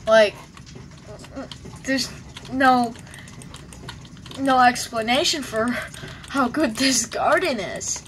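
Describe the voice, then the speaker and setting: A woman's voice: fairly high pitch, very slow, long pauses, a bit bright, slight background noise, rough recording. A young woman giving casual, rambling gameplay commentary, joking and talking to herself while she plays. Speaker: gamer.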